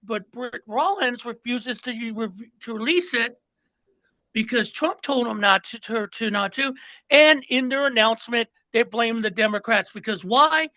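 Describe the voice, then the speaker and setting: A man's voice: very high-pitched, moderate pace, pushed and bright, dry recording, low-quality recording. An older man co-hosting a political podcast, ranting with passion and plenty of profanity. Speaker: podcast co-host. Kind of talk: heated political podcast chat.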